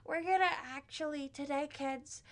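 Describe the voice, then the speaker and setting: A woman impersonating her high school English teacher: an earnest, lecturing voice pushed up high and strained. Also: moderate pace, close to an everyday voice.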